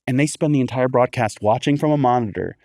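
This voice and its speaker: A man, a guest on a comedy podcast, telling a long story with lively energy. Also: mid-range voice, fast, dry recording, clean studio sound. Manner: animated storyteller, acts out quoted voices.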